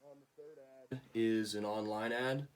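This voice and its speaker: A man's voice: on the low side, a little slow, recorded from a distance. Young man presenting, a bit off-mic. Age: young adult. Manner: casual, many ums, restarts. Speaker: student presenter. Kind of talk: class project presentation.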